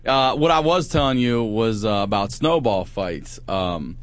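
Man, casual storytelling, lively pitch, lower voice, profane, animated. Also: measured pace.

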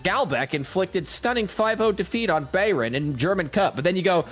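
A man's voice: high-pitched, animated, normal speed, fairly bright tone, faint music behind. A man co-hosting a stream in casual chat, reading sports headlines in a mock newsreader voice, laughing and swearing.

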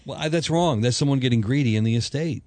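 A man's voice: medium pitch, fast talker, a little mellow, dry recording. A man co-hosting a radio show, arguing his opinions in casual banter. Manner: opinionated, argues his point animatedly.

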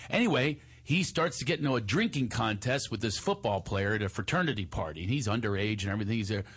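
A man's voice: lowish voice, fast, husky. A man in his forties hosting a radio show, telling comic stories and acting out lines and voices. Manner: animated storyteller, acts out voices and lines.

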